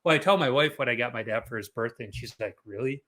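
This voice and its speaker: A middle-aged man hosts a podcast in a casual interview. His voice is bright and forward, and he tells stories in a relaxed, chatty way. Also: mid-range voice, quick pace. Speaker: podcast host.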